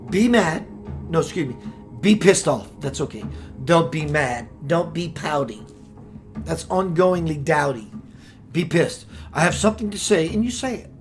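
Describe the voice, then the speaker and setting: A man hosting a spiritual radio show, preaching with playful rhymes and sudden swings between loud and hushed. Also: fairly high pitch, expressive, normal speed, soft background music. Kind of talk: impassioned spiritual talk.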